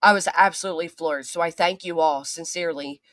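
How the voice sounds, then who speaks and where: A woman's voice: lowish voice, brisk, fairly bright tone, no room sound, studio quality. A woman hosting a casual livestream, chatting and greeting viewers by name, swearing now and then. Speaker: channel host.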